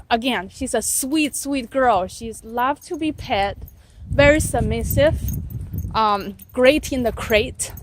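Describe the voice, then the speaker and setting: With a medium-pitched voice and a little hiss or hum in the audio, a woman trainer walks dogs outdoors and shares casual advice. She often ends points with "right?" and stops to praise the dogs.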